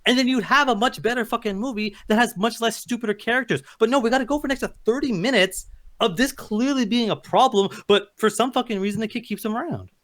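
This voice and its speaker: Man, high bright voice, quick talker, blunt and profane movie banter. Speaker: co-host. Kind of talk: casual movie review chat.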